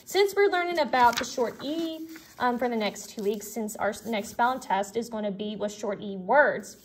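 A young woman teaches young students in a friendly, explanatory way. Her voice sits a little high. She pauses on fillers and restarts her words now and then. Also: a little hiss or hum. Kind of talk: recorded elementary classroom lesson.

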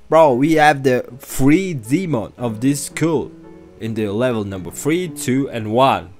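A man giving casual let's-play commentary on a horror game, excitable and chatty, talking straight to his viewers. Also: mid-range voice, takes it slowly, faint music behind. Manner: excitable, chatty, keeps addressing viewers as guys and bro. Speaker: gamer streaming a horror game.

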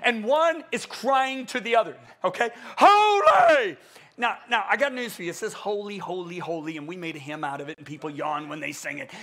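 A middle-aged man preaching a conference sermon, emphatic and animated, acting out quotes in different voices. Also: fast talker, few pauses. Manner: animated, emphatic, acts out quotes with big pitch swings.

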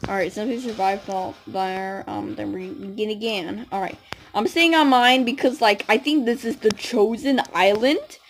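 A young woman giving casual, excitable commentary while playing a video game, often squealing and giggling. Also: medium pitch, normal speed, a little hiss or hum, low-quality recording. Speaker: gamer.

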